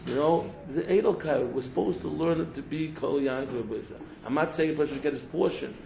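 Gravelly man lecturing in a roomy hall. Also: on the high side, brisk, heavy background noise. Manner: repeats words, restarts, mixes in Hebrew terms. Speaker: yeshiva teacher giving a talk to students. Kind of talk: humorous ethical talk. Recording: roomy, dull lo-fi recording.

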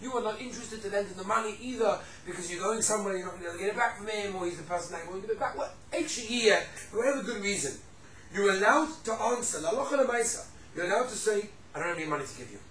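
A man teaching a casual halacha class, animated, acting out quoted speakers and mixing in Yiddish and Hebrew terms. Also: high voice, rapid-fire, echoey room, recorded from a distance, slight background noise, low-quality recording. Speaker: Torah teacher.

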